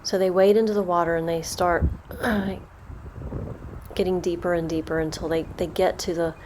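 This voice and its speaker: A woman as a meditation guide, telling a storytelling meditation in a soft, slow, repetitive way. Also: fairly low pitch, steady tone, slight background noise.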